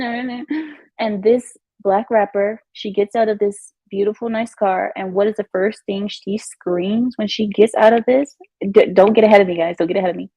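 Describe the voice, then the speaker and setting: A woman's voice: medium pitch, no echo, lo-fi sound. A woman giving chatty, emphatic commentary on her vlog at home. She often repeats herself and laughs. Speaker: vlogger. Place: at home in her new house.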